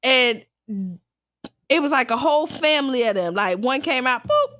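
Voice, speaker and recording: A woman co-hosting a morning radio show, chatting casually and expressively, quick to laugh. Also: high-pitched, expressive, fairly bright tone, no room sound, clean studio sound. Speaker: radio co-host.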